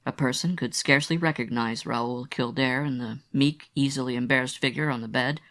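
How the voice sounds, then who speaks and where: A man narrating a literary audiobook with a gravelly, fry-laden voice. He sits at a middling pitch and keeps a measured, confessional storytelling manner. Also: fairly even intonation, fairly bright tone.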